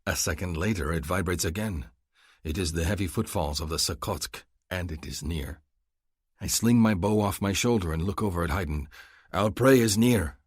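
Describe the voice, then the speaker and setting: A man narrating a romance audiobook in the first person, measured and earnest. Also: deep voice, breathy edge, no echo, studio quality.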